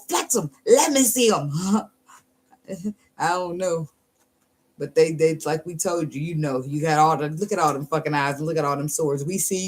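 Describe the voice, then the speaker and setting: A woman giving a casual, channeled tarot reading. She is blunt and profane, talks with lots of energy and laughs often. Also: low voice. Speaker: tarot reader.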